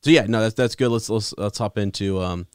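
A man with a fairly low voice rambles through a casual book chat, restarting his sentences. The sound is dry and up close. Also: brisk, a little mellow, clean tone, no room sound. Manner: rambling, lots of restarts and fillers. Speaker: book discussion co-host.

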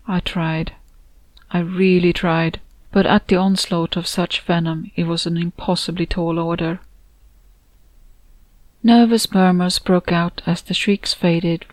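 A woman reading her own novel aloud in steady, descriptive audiobook narration. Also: lowish voice, no room sound. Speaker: author and narrator.

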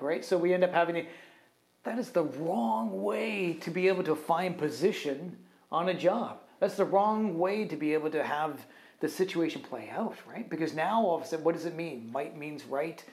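Man, fairly high voice, casual storytelling, rambling, animated. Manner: animated, acts out other people's quotes; rambling with fillers like "right?" and "kind of thing". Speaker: podcast co-host.

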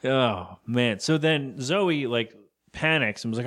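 A man chatting casually on a podcast, recapping a movie scene by scene. His voice sits at an ordinary middle pitch, and he drops in quick quoted lines and the odd swear word. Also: animated, fairly bright tone. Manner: loose and profane, retells scenes with quoted lines. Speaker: podcast co-host.

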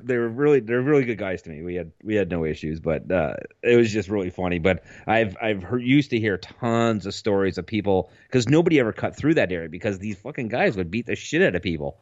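A man's voice: lowish voice, darkish tone, no echo, lo-fi sound. A man co-hosting a podcast, telling a rambling story in casual chat, laughing often and swearing. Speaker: podcast co-host.

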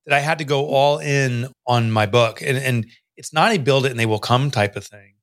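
A middle-aged man from the United States, a business author speaking as a podcast guest, telling his story in a lively way and acting out the voices of people he quotes. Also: mid-range voice, a little fast. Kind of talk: conversational storytelling.

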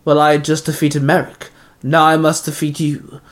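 A man voicing a scheming male Duke Orc monster who speaks in a slow, drawn-out, lordly way. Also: a little high, completely flat delivery, natural voice. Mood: lofty.

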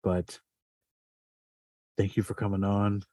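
Casual swearing podcast host, mellow low voice. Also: male voice, slow, no room sound. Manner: animated, swears often, heavy fillers. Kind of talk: casual storytelling.

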